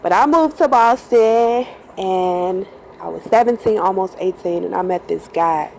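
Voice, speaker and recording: A woman's voice: mid-range voice, unhurried, vocal fry, darkish tone, poor audio. Chatty woman telling a story over faint noise. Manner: chatty, laughs often, acts out quotes. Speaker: bus driver. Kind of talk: casual storytelling monologue. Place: in a bus at night.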